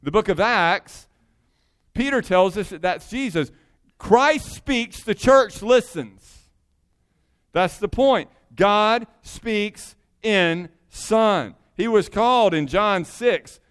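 A man's voice: high voice, lively intonation, slow pace, a bit bright, clean tone. A man preaching a sermon in a conversational way, with emphatic asides. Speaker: pastor.

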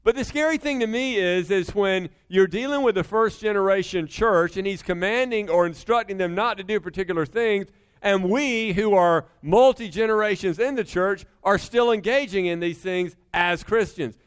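A man's voice: high voice, moderate pace, smooth. A middle-aged man preaching a sermon, emphatic and conversational, often turning to the congregation with asides. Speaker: pastor.

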